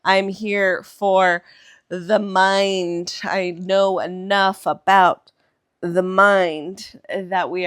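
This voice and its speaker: A woman hypnotherapist in a casual reflective vlog, meandering and spiritual, saying "like" often. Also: medium pitch.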